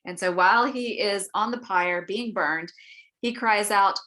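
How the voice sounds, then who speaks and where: A woman's voice: mid-range voice, measured pace, sharp tone. A woman leading an adult Bible study, telling a story in a chatty way with many fillers and acted-out quotes. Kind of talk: adult-forum Bible lesson. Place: church meeting room.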